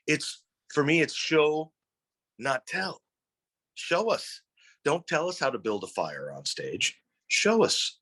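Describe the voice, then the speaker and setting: A man guesting on a podcast tells stories in an animated way, swearing freely as he goes. His voice is husky and lively, rising and falling across a wide range. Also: a little high, takes it slowly. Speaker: filmmaker guest. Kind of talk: casual conversation.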